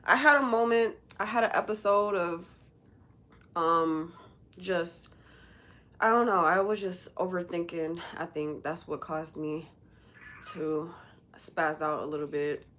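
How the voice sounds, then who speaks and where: Sounding emotional after recent crying, this livestream host speaks candidly and bluntly, rambling through lots of fillers. Her voice sits on the low side yet comes across pushed and bright, a little slow, with frequent pauses.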